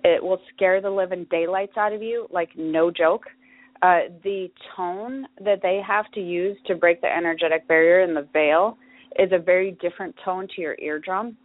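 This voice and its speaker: A woman's voice: on the low side, fairly even intonation, moderate pace, dry recording. A woman hosting a podcast, explaining her topic in a chatty way, with fillers and restarts. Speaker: podcast host. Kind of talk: casual solo podcast talk. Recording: dry phone-like audio.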